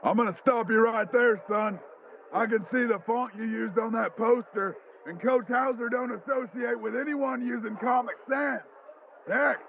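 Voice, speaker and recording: A man doing a blunt, bossy old ball coach in a comedy sketch, his high voice barking out short dismissals. It sounds squeezed through a narrow, phone-like line with faint hiss. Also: normal speed, gravelly. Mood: curt. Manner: curt, dismissive, barking orders. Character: gruff older male football coach, blunt war veteran.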